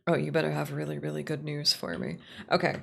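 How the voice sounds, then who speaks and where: A woman's voice: low-pitched, flat delivery, creaky. A woman streaming a game, chatting casually with lots of swearing, rambling asides and laughter. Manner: profane, rambling, quick to laugh. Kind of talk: casual let's-play chatter.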